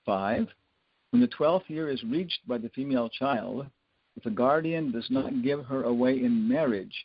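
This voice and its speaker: In a dull, dry lo-fi lecture recording, a man with a mid-range, slightly rough voice teaches a scripture class at a moderate pace. He tells loose, rambling anecdotes packed with fillers and frequent little chuckles, with no room sound.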